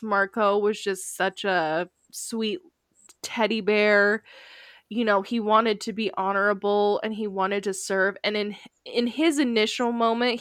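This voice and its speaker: A woman co-hosting a podcast, chatting casually, expressive and quick to laugh and get emotional. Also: mid-range voice, clean tone, no room sound, studio quality. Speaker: podcast co-host. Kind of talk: casual chat.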